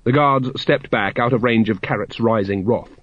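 A man narrating a story aloud in a wry, expressive way. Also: medium pitch, normal speed, no room sound, lo-fi sound. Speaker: audiobook narrator.

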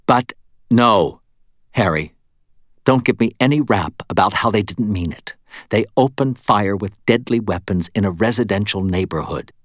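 A man's voice: on the low side, moderate pace, no echo, studio quality, lightly acted. Man doing a hard-edged ex-cop woman. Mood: stern. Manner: firm, clipped and intense. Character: tough blunt woman ex-cop, hard and determined.

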